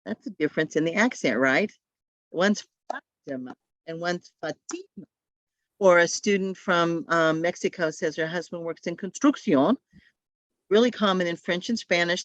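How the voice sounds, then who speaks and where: This woman, whose voice sits lowish, leads a training session for teachers of adult language learners via video call. She regularly acts out sounds and models what students say, all captured in dry, dull video call audio.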